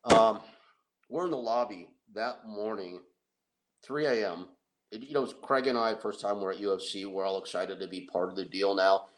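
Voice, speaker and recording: A middle-aged man telling an anecdote in a casual, excitable way, with restarts. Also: lowish voice, moderate pace, a little hiss or hum, rough recording. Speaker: guest storyteller. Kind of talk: casual anecdote on a talk show.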